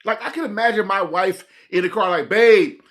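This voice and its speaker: Young male reaction host, high-pitched, loose and rambling, keeps saying "like". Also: a little fast. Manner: excitable, rambling, fills speech with "like". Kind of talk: casual reaction commentary.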